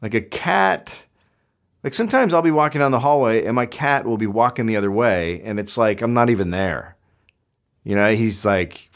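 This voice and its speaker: Foul-mouthed rambling man with animated swings. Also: fairly low pitch, normal speed. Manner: profane, rambling, sarcastic. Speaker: podcast host. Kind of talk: solo comedic monologue. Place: home closet studio. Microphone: studio microphone.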